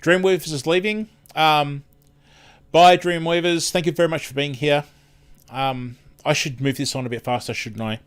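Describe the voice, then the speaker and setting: A man's voice: a little high, steady tone, moderate pace, smooth. An Australian man hosting a live stream in casual chat, rambling and chatty, often losing his words and starting over.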